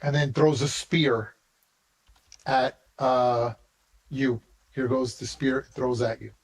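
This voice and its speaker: A man's voice: medium pitch, fairly even intonation, slow, rough recording. A man narrating and running a tabletop game as game master, talking casually with many restarts.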